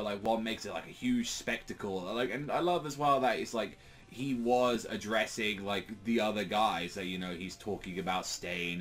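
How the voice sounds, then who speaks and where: A man's voice: on the low side, fairly bright tone. A man giving a casual, rambling manga chapter review, full of filler words and swearing.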